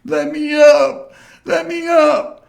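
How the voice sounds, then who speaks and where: A man voicing an angry teenage school bully who shouts and whines. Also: high-pitched, flat delivery, a little fast, gravelly, pitched above the performer's own voice. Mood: pleading. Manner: shouting, whiny.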